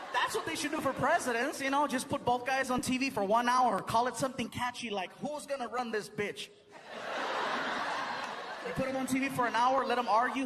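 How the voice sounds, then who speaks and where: A male stand-up comedian from the United States, telling jokes in a playful, lively way and laughing at his own lines. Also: extremely high pitch. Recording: live club recording with loud crowd. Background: audience laughter and noise.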